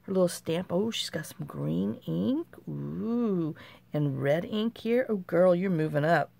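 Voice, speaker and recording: A middle-aged woman with a low, gravelly voice chats through a pile of handmade craft mail. She exclaims over each little piece and mutters to herself as she goes, sometimes dropping to a near whisper. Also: lively intonation, unhurried, mellow. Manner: chatty, talks to herself while handling items, exclaims often. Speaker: craft channel host. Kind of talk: casual show-and-tell of craft mail.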